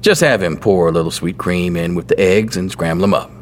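Actor voices a terse, deep-voiced frontier gunfighter with a plain drawl. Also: male voice, brisk, slight background noise, natural voice. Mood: dry, calm. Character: tough laconic male gunfighter, dry humor. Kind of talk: audio drama acting.

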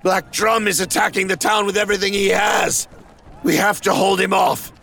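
A man voicing a gravelly, frantic cavalry colonel. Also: high voice, little pitch movement, normal speed, bright, forceful tone, voice pushed up, heavily acted. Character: wounded frantic male cavalry colonel, middle-aged.

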